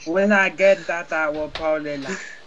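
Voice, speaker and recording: A man's voice: on the high side, steady tone, normal speed, muffled recording, background noise. A man co-hosting a casual comedy podcast, talking in a playful, jokey way. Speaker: podcast co-host.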